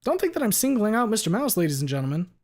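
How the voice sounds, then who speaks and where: A cunning courtroom lawyer barking pointed questions at a witness, as a man puts him on. His voice jumps well above the reader's own and gets louder, with a showy, pushy bite. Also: sits high, very animated, racing, pitched above the performer's own voice. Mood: probing. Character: sly, determined male courtroom lawyer.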